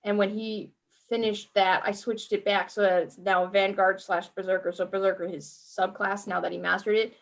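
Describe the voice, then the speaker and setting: A woman's voice: medium pitch, flat delivery, moderate pace, vocal fry. A woman co-hosting a podcast in casual gaming chat, chatty, swearing freely and acting out her own reactions as she talks. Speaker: podcast co-host.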